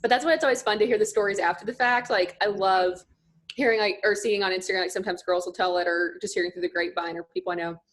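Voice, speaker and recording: A young adult woman at a middle pitch, talking as a podcast guest. She rambles happily through her stories and scatters "like" through her sentences. Her tone is easygoing and conversational. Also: steady tone, quick pace. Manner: chatty, storytelling, lots of "like" fillers. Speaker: podcast guest, pageant contestant. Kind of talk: casual podcast chat.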